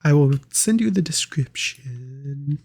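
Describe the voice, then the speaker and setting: A man playing a tabletop game, slowly and deliberately describing his character's actions. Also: fairly high pitch, expressive, creaky, darkish tone, breathy edge. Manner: slow, deliberate descriptive narration.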